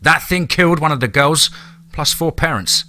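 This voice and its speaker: A man voicing an urgent, steady teenage boy. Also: on the high side, normal speed, pitched above the performer's own voice. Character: determined teenage boy, steady under pressure.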